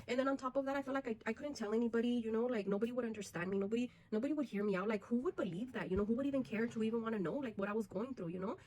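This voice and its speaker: A woman's voice: a little high, rapid-fire, few pauses, dark tone, low-quality recording. Earnest woman telling her story. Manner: earnest, addresses viewers as "you guys" often. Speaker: vlogger. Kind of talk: personal storytelling to camera.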